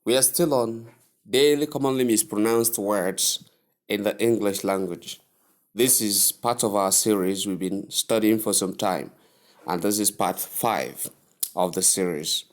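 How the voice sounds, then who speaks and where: A man teaching English pronunciation, repeating each word slowly and carefully and stressing its syllables. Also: on the low side. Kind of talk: slow, deliberate pronunciation lesson.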